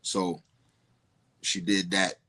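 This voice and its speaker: Profane, halting man telling a story. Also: low-pitched, flat delivery, bright, forceful tone, a little hiss or hum. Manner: profane, halting, many restarts. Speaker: podcast guest. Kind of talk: casual storytelling.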